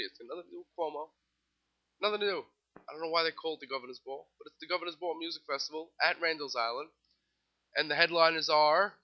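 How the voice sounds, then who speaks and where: A young man with a New York accent hosting a casual music news show, reading off festival lineups with wry, offhand asides. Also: on the high side. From New York City. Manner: wry, offhand asides while rattling off lists. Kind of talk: casual solo commentary. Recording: slightly dull lo-fi recording.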